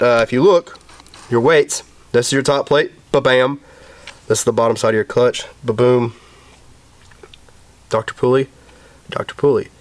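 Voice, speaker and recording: Joking, foul-mouthed man. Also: medium pitch. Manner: profane, joking, rambling. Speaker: garage vlog host. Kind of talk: casual chat while working on a clutch. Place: home garage.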